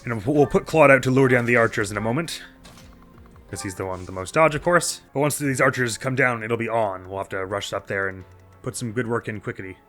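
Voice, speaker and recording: Bright and forceful at a medium pitch and slightly quick pace, a man gives casual commentary on his strategy game as a let's play host. He chats and mocks himself while thinking through each turn, faint game music in the background.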